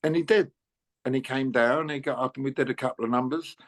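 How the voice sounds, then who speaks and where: A man's voice: mid-range voice, steady tone, quick pace. Older man telling chatty stories. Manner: chatty, anecdotal, laughs often, many "you know"s. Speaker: interviewed musician. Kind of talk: casual storytelling interview.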